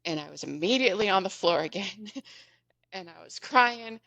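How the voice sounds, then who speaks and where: A woman podcast guest telling a story in an animated, chatty way, often laughing as she goes. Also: mid-range voice, normal speed, vocal fry, no room sound. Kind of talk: casual storytelling.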